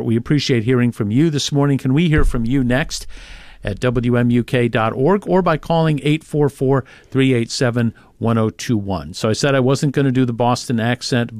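A man hosting a public radio fund drive, relaxed and joking, with fillers. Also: mid-range voice, dry recording, clean studio sound.

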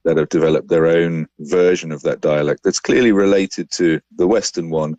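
A man, a scientist, calmly explaining research in an interview. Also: extremely low pitch, dry recording.

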